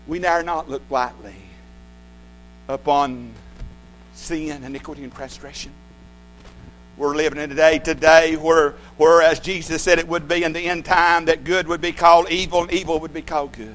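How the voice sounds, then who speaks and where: Emphatic preacher man, higher voice. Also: fairly even intonation, normal speed, a little hiss or hum, poor audio. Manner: emphatic, swings between loud and hushed; repeats words and restarts phrases. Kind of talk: sermon.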